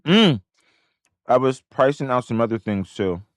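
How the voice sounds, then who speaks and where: Excitable male trader, live self-commentary, smooth clear tone, dry room. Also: mid-range voice, a little slow, dry recording. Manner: excitable, swearing, repeats himself in disbelief. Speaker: options trader. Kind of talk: live trading commentary to himself.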